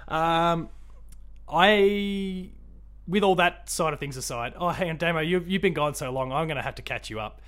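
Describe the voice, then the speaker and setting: A man's voice: a little high, normal speed, fairly bright tone. A man hosting a casual gaming podcast, talking in a rambling, chatty way with frequent restarts. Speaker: podcast host.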